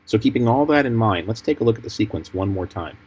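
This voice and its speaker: A man, a film editor, giving measured, explanatory commentary over clips from a fan film. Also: on the low side, animated, darkish tone, slightly rough, rough recording.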